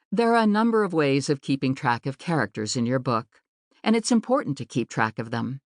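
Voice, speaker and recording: A woman narrating an instructional audiobook in a recording studio, with a clear, deliberate teaching delivery and marked emphasis. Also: sits low, no echo.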